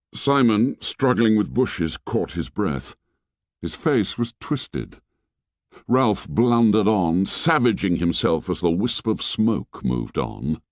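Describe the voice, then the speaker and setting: A man narrating a novel as an audiobook, reading dramatically and sinking low and soft on grim lines. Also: dry recording, clean studio sound.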